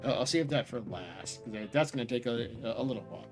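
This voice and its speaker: A man hosting a gaming stream, making quiet, laid-back asides while he plays. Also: mid-range voice, expressive, fast, music in the background. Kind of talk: casual chat while gaming.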